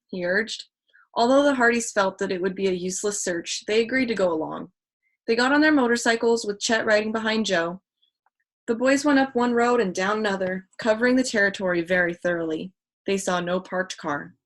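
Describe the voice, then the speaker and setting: A woman's voice: mid-range voice, normal speed, fairly bright tone. Woman reading a mystery novel aloud. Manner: occasionally stumbles and restarts. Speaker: audiobook reader.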